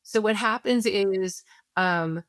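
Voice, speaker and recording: A woman as a parenting expert guest, explaining in a conversational teaching style, animated and earnest, walking through examples step by step. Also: mid-range voice, takes it slowly, dry recording, clean studio sound. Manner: animated, acts out parents and kids in quoted voices.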